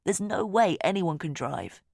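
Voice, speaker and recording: A woman's voice: expressive, measured pace, gravelly, a little mellow, husky, dry recording, heavily acted. A woman voicing a wry, gloomy young brother. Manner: dry, low-key, darkly joking. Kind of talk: audiobook character voice.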